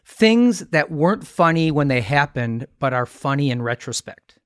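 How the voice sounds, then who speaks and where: A man's voice: on the high side, big pitch swings, moderate pace, clear, resonant tone, no echo. Chatty middle-aged male host, dry sound. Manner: chatty, trades stories with his guest. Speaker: podcast host. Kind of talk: casual interview chat.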